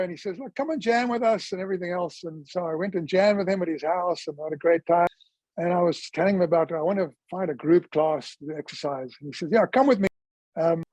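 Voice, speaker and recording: A man in his sixties talks through his life story in a relaxed interview, slipping into the voices of people he quotes. His voice sits high for a man. It is recorded close and dry, with no room sound. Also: slightly rough, no echo, rough recording. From South Africa. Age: 60s. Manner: chatty storyteller who acts out quoted dialogue.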